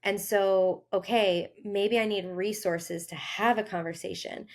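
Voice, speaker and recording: A woman's voice: medium pitch, fairly even intonation, measured pace. Earnest woman podcast health coach. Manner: earnest, acts out inner voices with sudden lifts. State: briefly tearful. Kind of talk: casual podcast monologue.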